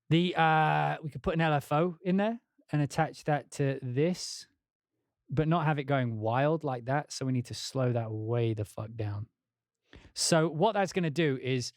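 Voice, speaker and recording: Rambling man thinking out loud, dry sound. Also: on the high side, no room sound. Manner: rambling, thinking aloud, swears casually. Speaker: composer livestreaming music production. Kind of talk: casual livestream talk while working.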